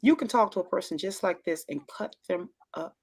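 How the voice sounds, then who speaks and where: A woman with a Southern accent hosting a casual chat, effusive and expressive, often repeating herself. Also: lowish voice, fairly quick, husky. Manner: loud and expressive by her own account. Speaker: talk show host.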